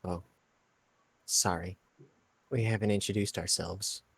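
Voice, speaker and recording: A man doing a soft-spoken bookish girl. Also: low-pitched, steady tone, a little slow, vocal fry, husky, no echo, exaggerated voice. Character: quiet, bookish teenage girl.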